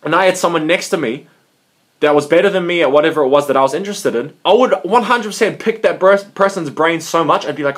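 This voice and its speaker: A young man giving casual advice in a vlog, animated and cursing freely, acting out his own reactions as he tells a story. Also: on the high side, fast. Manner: animated, swearing, acts out quoted reactions. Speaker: gaming coach and video creator.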